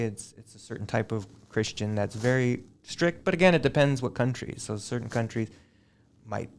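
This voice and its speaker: Gravelly-voiced middle-aged male teacher. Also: mid-range voice, a little hiss or hum. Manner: chatty, digressive storyteller. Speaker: high school teacher, podcast guest. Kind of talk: casual interview chat.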